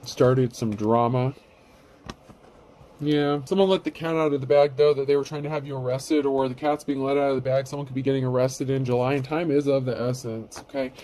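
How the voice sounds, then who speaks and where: A man's voice: mid-range voice, steady tone, a little fast, warm tone, a little hiss or hum. A man giving a casual, rambling tarot reading, blunt and freely swearing. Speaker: tarot reader.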